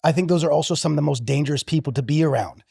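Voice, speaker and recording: A man co-hosting a podcast with a gravelly voice, chatting in an easygoing, teasing way. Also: a little high, racing, mellow, no echo, studio quality. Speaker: podcast co-host, builder. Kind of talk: casual chat.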